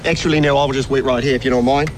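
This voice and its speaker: A man's voice: mid-range voice, fairly even intonation, very fast, lightly acted. An actor playing a stuffy, reserved man in a film clip recorded outdoors with street noise. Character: stuffy man who prefers ordinary folk.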